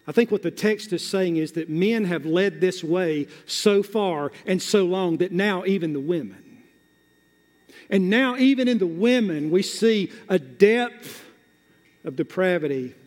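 A man preaching a sermon as pastor, drawing out key words and repeating phrases, swelling from hushed, slow passages to loud, rising exhortation. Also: fairly high pitch. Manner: emphatic, drawn-out words and repetition. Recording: long hall reverb.

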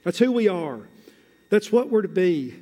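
A man preaching a sermon as pastor, drawing out key words and repeating phrases, swelling from hushed, slow passages to loud, rising exhortation. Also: high-pitched, big pitch swings. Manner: emphatic, drawn-out words and repetition. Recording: long hall reverb.

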